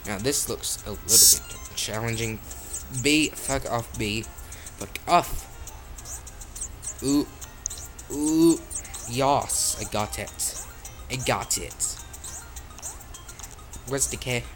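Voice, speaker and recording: A man's voice: medium pitch, lively intonation, drawn-out words, long pauses, faint music behind. A man playing a phone game, swearing constantly as he comments, with sudden frustrated outbursts, recorded on the phone's own mic. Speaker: mobile gamer. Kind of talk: profane let's-play commentary.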